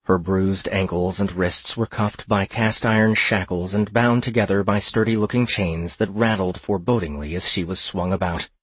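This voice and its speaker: A man narrating an audiobook in a steady, measured reading. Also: deep voice, breathy edge, no echo.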